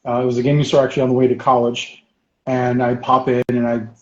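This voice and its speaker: Male guest, lively storyteller who laughs a lot, roomy and muffled audio. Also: mid-range voice, quick pace. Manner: animated storyteller, laughs often; painting while talking. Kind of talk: casual chat, storytelling. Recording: roomy, dull sound.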